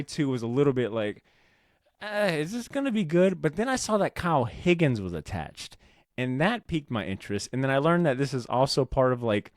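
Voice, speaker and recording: A man co-hosting a comics podcast, talking in a rambling, animated way with lots of fillers and casual swearing. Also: a little high, no room sound, clean studio sound. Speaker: podcast co-host. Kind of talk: casual chat about comics.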